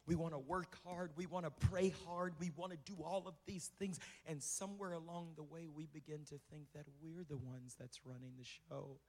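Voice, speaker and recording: Higher-voiced man preaching in a reverberant hall. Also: steady tone, normal speed, hardly any pauses, darkish tone. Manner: conversational preaching with repeated phrases for emphasis. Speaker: pastor. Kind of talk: sermon. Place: church sanctuary. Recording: reverberant hall with music behind.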